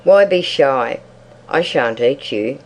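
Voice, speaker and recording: Reader doing a cold bold lady teasing a shy girl, pitched up a bit, audiobook. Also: animated, slow, low-quality recording. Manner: teasing and worldly. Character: bold, cold, mocking woman bather.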